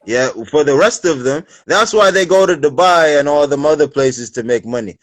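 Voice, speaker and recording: Guy with a bit of an american lilt chatting on a phone livestream, kinda high voice, dry close sound, animated and slangy. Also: moderate pace, dry recording. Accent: English with a slight American lilt. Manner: animated, explaining, street slang. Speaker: livestream host. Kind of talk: casual chat on a livestream.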